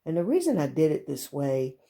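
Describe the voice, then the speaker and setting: This woman speaks with a low, mellow, sing-song voice at a slightly quick pace. Beside a kitchen cart in her home, she casually shows off her decorations, rambling with fillers and unsure asides as a handheld camera films her at close range.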